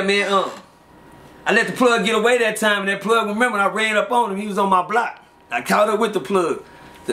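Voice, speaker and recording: A middle-aged man, telling street stories in a loose, animated way, acting out quotes and laughing often. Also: high voice, slight background noise. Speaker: interview guest. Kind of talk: casual street storytelling.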